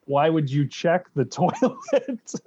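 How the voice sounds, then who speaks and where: A man's voice: fairly high pitch, huge pitch swings, takes it slowly, darkish tone, slight background noise. A man co-hosting a podcast, chatting casually with brief agreeing replies and dry asides. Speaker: podcast co-host. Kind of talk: casual film-review chat. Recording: dull lo-fi sound.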